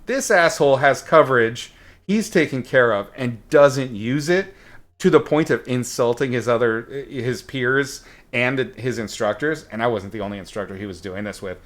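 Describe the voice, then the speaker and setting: At a normal speed and with a mid-range voice, a man paints on stream while rambling through a story. He's casual about it, using plenty of fillers and some blunt profanity.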